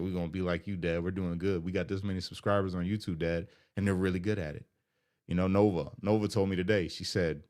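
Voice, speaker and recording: A middle-aged man, a vlogger, talking in an earnest, emotional, rambling way to his viewers, often saying "you know". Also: low-pitched. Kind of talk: heartfelt casual talk to viewers.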